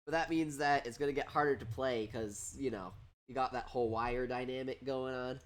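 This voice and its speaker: A man hosting a livestream, giving excitable, chatty commentary on a mobile game while reading out viewer questions. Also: mid-range voice, moderate pace. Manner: excitable, animated and chatty, often breaking into laughter. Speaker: streamer and host. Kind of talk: live gameplay commentary reading chat.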